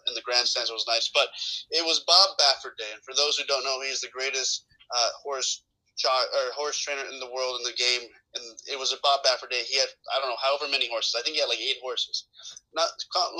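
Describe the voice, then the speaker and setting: A man on a sports podcast panel, telling stories in an animated, profane way and ranting in casual talk. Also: mid-range voice, rough recording.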